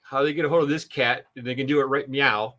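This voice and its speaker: A man's voice: mid-range voice, fairly even intonation, fast talker, fairly bright tone. A man, a sales trainer on a podcast interview, giving punchy, emphatic advice with asides.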